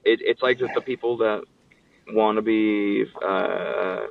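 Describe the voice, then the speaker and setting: A pro wrestler speaks slowly in a fairly low voice with vocal fry, with no echo, over a distant, phone-like line. Guesting on an interview, he tells casual stories and brings others' lines to life by acting them out.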